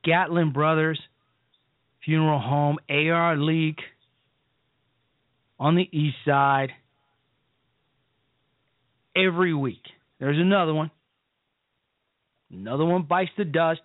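A man's voice: a little high, steady tone, no echo. A man from the south side of Chicago hosting a call-in radio talk show, delivering blunt, emphatic commentary. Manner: slow, emphatic, preachy. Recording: dry, phone-like call-in radio line.

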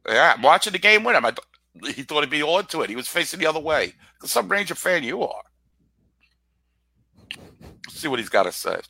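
Bright-voiced ranting sports radio man. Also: on the high side, big pitch swings, a little fast, vocal fry, long pauses, slightly rough. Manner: blunt, ranting about the team. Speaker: co-host. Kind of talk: casual sports radio chat. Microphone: studio microphone.

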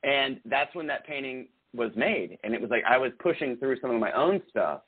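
A man co-hosting a podcast in casual chat, reflective and halting, with many fillers. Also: mid-range voice, expressive, husky. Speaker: podcast co-host. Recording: tinny phone-like sound, dry.

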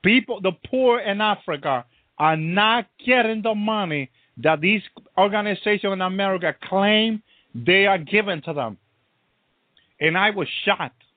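High-voiced preacher on a tinny line. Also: male voice, lively intonation, measured pace, no echo. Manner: constant hallelujahs and praise interjections, repetitive. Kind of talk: preaching sermon. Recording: tinny phone-like line, dry.

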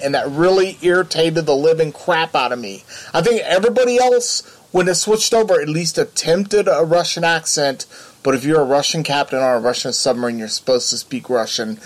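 Man, slightly high voice, opinionated podcast co-host, casual film rant. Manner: opinionated, gets worked up in rants. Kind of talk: casual movie review chat.

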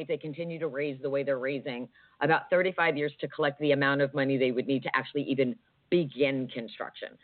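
With a bass voice and fairly even intonation, this female co-host talks fast on a casual talk radio show, rambling and using many fillers. Her audio is dry and tinny as if over a phone, without echo.

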